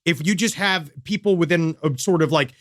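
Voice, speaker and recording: Male comedy podcast co-host, higher voice, excitable riffer, dry studio sound. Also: normal speed, dry recording. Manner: excitable, riffing, jokey. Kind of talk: casual comedy podcast chat.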